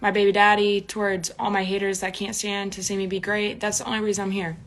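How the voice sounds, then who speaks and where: A woman chatting on a livestream from her home. She is sarcastic and swears freely, and her voice sits at a middle pitch for a woman. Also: level tone, fast talker. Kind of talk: casual livestream chat.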